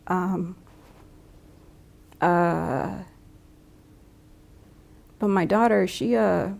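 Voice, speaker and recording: A middle-aged woman speaking candidly in an interview, halting and reflective, often restarting her sentences. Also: fairly low pitch, gravelly, a little mellow. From Michigan.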